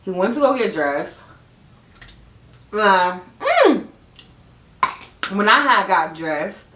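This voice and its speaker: A young woman hosts a casual podcast storytime, animated and often laughing, her pitch leaping around. She sits at some distance from the mic in an echoey room. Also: takes it slowly. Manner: animated, laughing, swings high and low in pitch. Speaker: podcast host.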